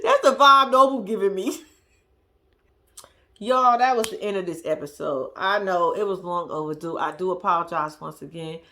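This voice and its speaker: A woman's voice: mid-range voice, normal speed, sharp tone. A woman vlogger giving casual, slangy commentary on a reality show, laughing often and talking animatedly. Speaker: reaction vlogger.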